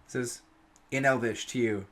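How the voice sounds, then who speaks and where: A man's voice: mid-range voice, fairly even intonation, unhurried, fairly bright tone. A man narrating a tabletop game as game master, loose and descriptive.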